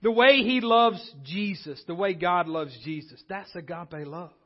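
A pastor with a high-pitched voice preaches a sermon from the pulpit at a slightly slow pace, speaking conversationally and frequently restarting his sentences. The audio is dull and lo-fi, as if captured on modest equipment.

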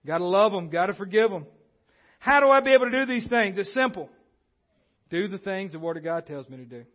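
A man with a high-pitched voice delivers a sermon from the pulpit, speaking conversationally and often stumbling into restarts. The sound is dull and lo-fi, as if captured on modest equipment. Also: animated, a little fast. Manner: conversational preaching with frequent restarts. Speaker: pastor. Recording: dull lo-fi recording.

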